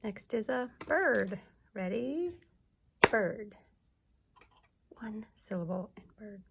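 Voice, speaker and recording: A woman teacher giving a video lesson to young children, sounding out words slowly and clearly. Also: mid-range voice, lively intonation, background noise. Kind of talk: early-grades classroom video lesson.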